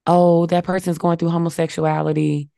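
A woman's voice: fairly low pitch, level tone, moderate pace, creaky, warm tone, dry recording, studio quality. A woman co-hosting a faith podcast, affirming her co-host, reading verses and teaching in numbered points. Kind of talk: casual faith talk with scripture.

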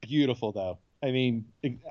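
A man's voice: mid-range voice, moderate pace, lo-fi sound. A man casually chatting as podcast co-host, recapping a TV episode with lots of swearing. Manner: profane, animated, acts out characters in quotes.

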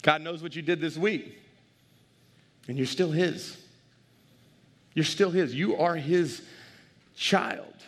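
A man preaching with a somewhat high voice, animated and direct, stopping often to call out to his congregation. His words ring out with the long reverb of a church sanctuary. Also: slow, pauses often. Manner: animated, direct, engages the crowd. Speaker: pastor. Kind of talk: sermon.

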